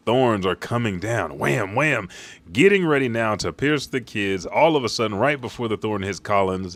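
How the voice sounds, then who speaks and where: A man's voice: fairly low pitch, a little slow, fairly bright tone, no room sound. A man hosting a live manga read-aloud, narrating panels with profanity and spoken sound effects. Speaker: host.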